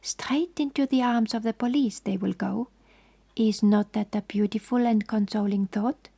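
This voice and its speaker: A prim, exacting old detective, as a woman whispers him in a whispered role-play for a bedtime story. The voice is husky and dark, with a slow, gravelly edge. He speaks in ornate, formal phrases and gently scolds. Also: mid-range voice. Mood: suave. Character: fussy, precise older male detective.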